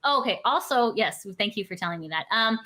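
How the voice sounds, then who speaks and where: A woman with a medium-pitched voice, speaking a little fast, co-hosts a podcast. In casual chat she tells rambling, profane, animated stories.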